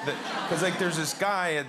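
A man's voice: high-pitched, moderate pace, noisy background. A man, a chat show guest, telling a family anecdote with easy laughter. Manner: laughing storyteller, easygoing.

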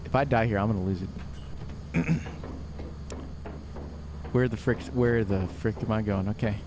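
A young man hosting a co-op horror game playthrough, excitable and jokey, pleading and yelping when scared and boasting when he survives. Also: on the low side, moderate pace, noisy background. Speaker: let's play host. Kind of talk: casual gameplay commentary.

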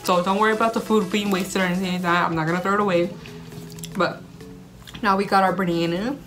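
Young woman, bubbly and gushing, casual home vlog, clear music playing behind. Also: mid-range voice, fairly even intonation, fast talker, fairly bright tone. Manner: bubbly, gushing, mixes in Spanish words while eating. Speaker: vlogger. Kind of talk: casual chatty food-tasting vlog. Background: background music.

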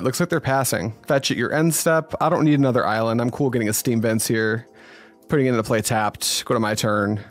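A man at an ordinary middle pitch talks through his card game as he plays, musing over each move and pleading with his opponent. He grumbles and swears when a draw goes badly. Soft music plays faintly behind him. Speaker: card game video commentator. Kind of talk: casual live gameplay commentary.

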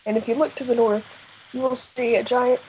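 A young woman plays along in a game, giggly and playful, her voice sitting a little high. She comes through a weak headphone mic with plenty of background noise. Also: flat delivery, normal speed. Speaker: co-player. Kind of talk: casual gameplay chat. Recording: noisy, quiet headphone-mic call.

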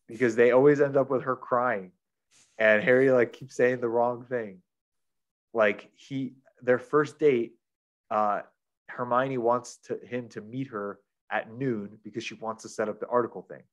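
A man retelling a book plot in casual chat as a podcast reviewer, rambling with lots of fillers. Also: medium pitch.

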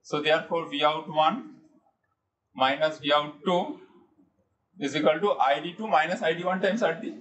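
A male lecturer teaches a classroom, pressing students with repeated questions. His voice sits a little high. The sound is distant and echoes around the room. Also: brisk, fairly bright tone, a little hiss or hum.

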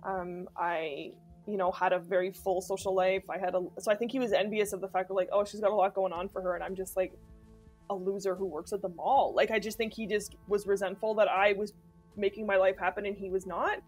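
A woman's voice: mid-range voice, steady tone, fairly quick, breathy edge, faint music behind. A woman from Canada, talking candidly in a documentary interview in a chatty way, full of fillers. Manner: candid, chatty, many fillers like "like" and "you know". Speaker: interviewee telling of being stalked.

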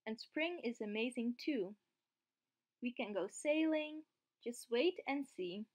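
A woman's voice: a little high, animated, slow pace, a little mellow. A woman reading aloud as a friendly young man who explains things patiently.

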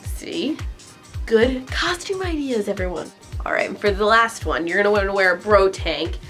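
A young woman talks through her vlog in a loose, giggly way, dropping "like" and "um" everywhere. Her voice sits in a middle pitch, with faint music underneath. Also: lively intonation, moderate pace, a bit bright. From United States. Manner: chatty, giggly, full of "like" and "um". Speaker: vlogger. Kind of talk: casual vlog chat.

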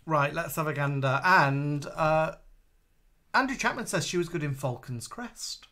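A man's voice: on the high side, animated, measured pace, bright, forceful tone. A man co-hosting a casual live-stream chat, chatty and enthusiastic, reading out viewer comments. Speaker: co-host.

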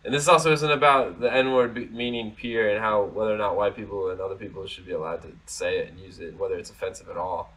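A man's voice: lowish voice, fairly even intonation, quick pace, few pauses, a bit bright, low-quality recording. A man hosting a casual commentary video, reading out news articles and reacting bluntly and sarcastically, with plenty of swearing. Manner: blunt, sarcastic and profane, with frequent restarts. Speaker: commentary vlog host.

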